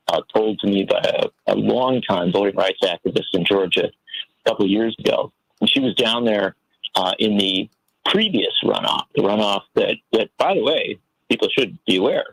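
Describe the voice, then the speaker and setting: Low, gravelly man giving impassioned commentary. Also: fairly bright tone, no echo, low-quality recording. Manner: earnest, impassioned, tells stories. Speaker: radio show guest. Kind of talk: political commentary.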